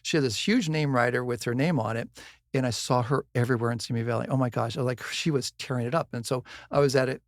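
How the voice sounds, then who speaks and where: Animated man telling stories. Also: mid-range voice, quick pace, no room sound, studio quality. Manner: animated storyteller, acts out quoted dialogue, agrees often. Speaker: guest real estate agent. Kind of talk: podcast interview storytelling.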